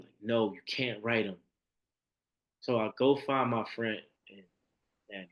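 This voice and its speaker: Taking his time and pausing frequently, a man on a podcast shares a personal story as a guest. He performs the quoted lines, shifting from hushed tones to high-pitched bursts of excitement.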